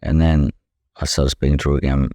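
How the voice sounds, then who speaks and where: Very deep-voiced, blunt Australian man. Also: flat delivery, a little fast, darkish tone, no echo, clean studio sound. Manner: blunt and profane, leans heavily on "you know". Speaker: podcast guest, professional boxer. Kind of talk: candid conversational storytelling.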